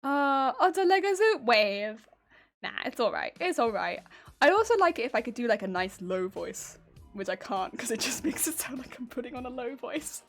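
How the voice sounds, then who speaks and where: Her voice runs high and animated at an ordinary pace, with a grating, honking quality she jokes about herself. She's a streamer working a machine embroidery project while casually chatting with viewers and laughing frequently, over soft background music.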